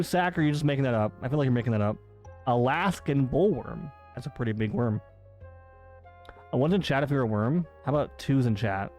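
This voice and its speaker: Man streamer, casual chat, reads chat aloud, teasing, incredulous, mid-pitched voice, faint music behind. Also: a little mellow. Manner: teasing, incredulous, quick to protest.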